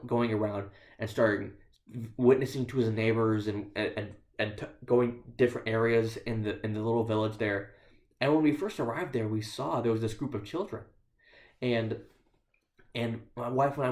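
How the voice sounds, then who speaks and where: A man speaking as a visiting missionary in church, telling stories with dry, self-deprecating humor. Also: mid-range voice. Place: church sanctuary. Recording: echoey church room.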